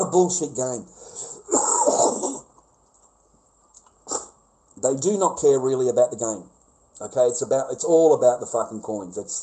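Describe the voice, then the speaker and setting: A man's voice: mid-range voice, dark tone, poor audio. An Australian man livestreaming and chatting with callers in a rambling, profane, rowdy way. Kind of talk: casual livestream chat with callers.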